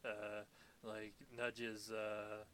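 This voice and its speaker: A man's voice: fairly low pitch, monotone, very slow, fairly bright tone, a little hiss or hum. Sardonic man with mumbled asides. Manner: sardonic, swears freely, drops into mumbling asides. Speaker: podcast co-host. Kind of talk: casual movie recap banter.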